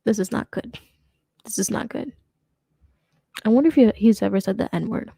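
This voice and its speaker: A woman's voice: mid-range voice, normal speed, creaky, mellow, breathy edge, no room sound, clean studio sound. A young woman hosting a casual reaction commentary, sarcastic and rambling, often laughing as she talks. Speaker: commentary host.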